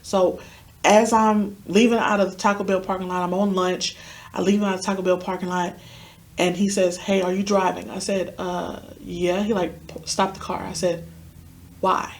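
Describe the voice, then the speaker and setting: A woman with a fairly low, fairly flat voice talks at a moderate pace as a podcast guest. Recounting a personal story, she vividly acts out the conversations involved, earnest and emotionally intense.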